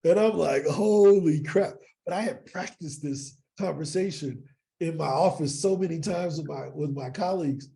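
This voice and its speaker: A man from East St. Louis, a podcast guest telling animated stories and often checking in with "right?". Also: a little high, moderate pace, vocal fry. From East St. Louis, Illinois. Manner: animated storyteller, keeps asking "right?". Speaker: podcast guest, sales coach. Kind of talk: casual interview storytelling.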